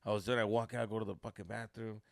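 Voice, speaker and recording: A young man co-hosting a podcast, telling a crude, animated story in casual chat with lots of swearing. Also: on the low side, quick pace, gravelly, no echo, studio quality. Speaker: podcast co-host.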